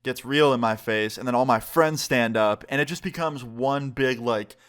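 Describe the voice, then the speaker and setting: A man's voice: medium pitch, normal speed, clean tone. Casual young man telling a story. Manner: laid-back, slangy, animated storytelling. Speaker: vlogger.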